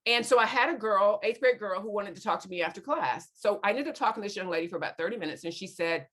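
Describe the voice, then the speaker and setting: A woman's voice: mid-range voice, lively intonation, quick pace, fairly bright tone. Earnest woman retelling student stories. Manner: earnest, retells conversations with many quotes. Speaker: guest speaker on parenting teens. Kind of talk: storytelling talk to a parents' group.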